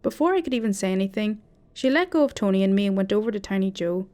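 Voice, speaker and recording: A woman's voice: medium pitch, lively intonation, fast, mellow. Woman narrating a spooky story. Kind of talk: first-person horror story narration.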